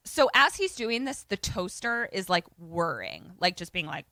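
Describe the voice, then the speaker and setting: A young woman co-hosting a podcast, casually recapping a movie in animated fashion, acting out the characters' lines and swearing freely. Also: mid-range voice, normal speed, no echo, clean studio sound. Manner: animated storytelling with quoted voices, frequent swearing. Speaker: podcast co-host.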